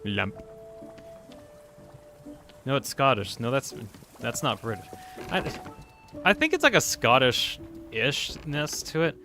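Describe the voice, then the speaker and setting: A man's voice: mid-range voice, very animated, slow, pauses often, sharp tone, faint music behind. A man streaming a video game, chatting casually and rambling as he reacts to his chat. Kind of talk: casual gameplay commentary.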